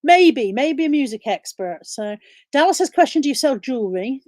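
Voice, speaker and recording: Woman host, fairly high voice, dry close sound, chatty, reads chat questions aloud in a casual live-stream style. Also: very animated, moderate pace, darkish tone, no echo. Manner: reads viewer questions aloud and answers them.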